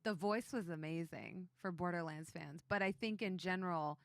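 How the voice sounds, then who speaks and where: A woman's voice: lowish voice, normal speed, no room sound. A woman game master on a panel, talking animatedly and acting out quotes as she talks with her hands. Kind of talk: casual panel discussion.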